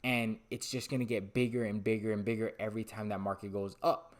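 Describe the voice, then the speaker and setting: A young man talking excitedly to camera about sports card investing, rambling and losing his train of thought. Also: lowish voice, brisk. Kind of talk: casual talking-head monologue.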